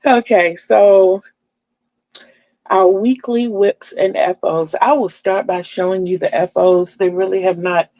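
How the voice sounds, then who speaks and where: Slow, gravelly older woman. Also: mid-range voice, steady tone, warm tone, dry recording, poor audio. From Virginia, USA. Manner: chatty, homey, speaks to viewers as "y'all". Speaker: crochet channel host. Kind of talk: casual livestream chat.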